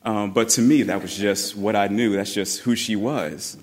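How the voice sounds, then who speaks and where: A man with a fairly low voice tells a personal story about his grandmother. He is animated, laughs often and acts out the voices he quotes. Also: moderate pace.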